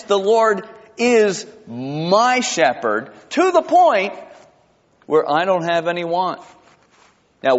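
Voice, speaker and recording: Animated pastor preaching in a hall. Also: male voice. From South Georgia, US. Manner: animated, storytelling with rises and drops in pitch. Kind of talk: sermon. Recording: reverberant hall, dull lo-fi sound.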